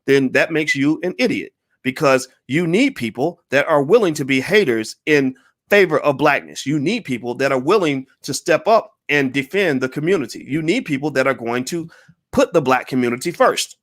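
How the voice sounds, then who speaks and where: Man, high-pitched voice, emphatic opinion monologue, repetitive and forceful. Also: expressive, normal speed. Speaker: commentator.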